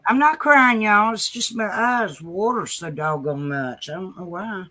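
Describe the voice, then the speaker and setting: Slow-talking woman livestreaming. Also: medium pitch, lively intonation, sharp tone. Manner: folksy, affectionate, talks to her dogs and chat. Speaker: livestream host. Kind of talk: casual livestream chat. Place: home with dogs.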